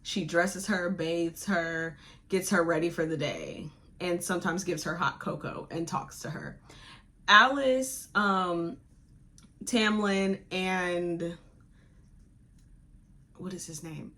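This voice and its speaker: A woman's voice: on the low side, slow pace, pauses often. A woman hosting a book club podcast, retelling the plot in a casual, digressive, slangy way. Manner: animated, digressive retelling that acts out characters' lines; slangy, informal talk. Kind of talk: casual book review chat.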